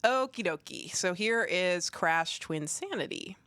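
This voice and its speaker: A woman's voice: lowish voice, animated, unhurried, a bit bright, smooth, no room sound. A woman co-hosting a casual video chat, teasing and laughing a lot. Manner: giggly and teasing, laughs often. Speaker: co-host.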